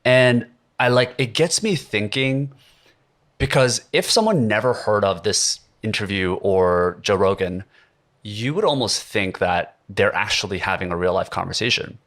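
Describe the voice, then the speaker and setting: A man's voice: on the low side, a little slow, fairly bright tone. A young man hosting an interview podcast, asking long, curious questions with some searching restarts. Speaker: podcast host. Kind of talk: conversational interview.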